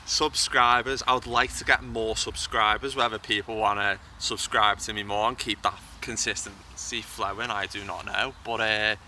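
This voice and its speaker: On the low side and sharp in tone, this young man's voice stays fairly even, moving at a moderate pace with few pauses. He's an actor and YouTuber interviewed about acting outdoors beside a bridge, speaking casually and frequently restarting his sentences. Faint outdoor noise accompanies the distant recording.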